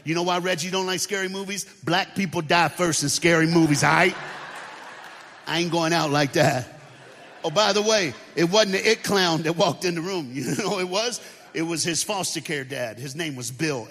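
Animated man in a big reverberant hall. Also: on the high side, moderate pace. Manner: animated, playful, audience call-and-response. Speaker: guest speaker. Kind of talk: comedic motivational storytelling talk. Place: large church auditorium with balcony.

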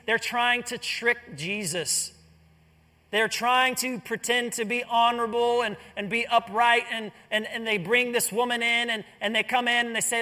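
A man's voice: sits high, bright, forceful tone, long reverb tail. A man preaching a sermon, telling a Bible story with earnest rhetorical questions. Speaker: pastor.

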